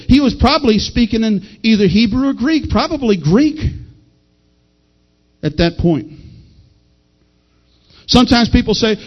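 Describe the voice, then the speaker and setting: A middle-aged male pastor preaching a folksy, animated sermon that rises to shouted peaks. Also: sits high, normal speed. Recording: dull lo-fi sound.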